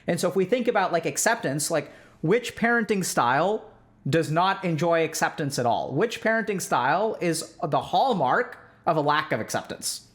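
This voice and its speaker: A man with a slightly higher-than-usual voice talks through parenting advice like a clinician chatting with his audience. His delivery is loose and conversational, studded with "like" and tag questions such as "right?" and "okay?". He turns sarcastic when mocking strict ideas. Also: animated, normal speed, fairly bright tone. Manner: conversational, full of "like" and "right?" check-ins. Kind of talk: casual explanatory talk.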